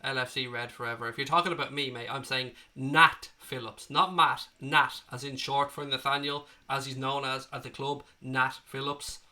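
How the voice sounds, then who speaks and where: A man's voice: medium pitch, fairly even intonation, fairly quick, few pauses, sharp tone. A man with an Irish accent and a cold, hosting a casual live stream and answering viewers in the chat, calling them mate and swearing freely. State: has a cold. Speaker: livestream host reading chat.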